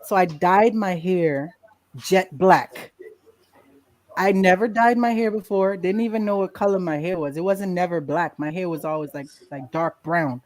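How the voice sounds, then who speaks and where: A woman guest in a casual interview, telling a lively story, acting out quotes and laughing often. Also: on the low side, moderate pace, no echo. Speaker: podcast guest.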